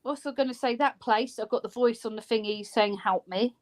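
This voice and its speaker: A woman's voice: fairly high pitch, brisk. A woman chatting casually on a live stream in blunt, earthy speech. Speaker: co-host and urban explorer.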